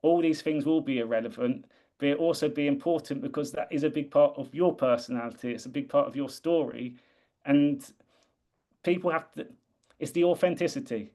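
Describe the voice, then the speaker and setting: A man from the UK with a slightly raised pitch, speaking in an earnest, reflective way. He often circles back and restarts his sentences as he gathers his thoughts. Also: fairly quick, warm tone. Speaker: guest. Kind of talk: casual conversation.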